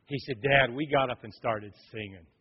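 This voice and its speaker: A middle-aged male pastor preaching a sermon, swinging from loud declarations to hushed, near-whispered passages. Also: mid-range voice, moderate pace, husky. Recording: lo-fi church sound with long reverb.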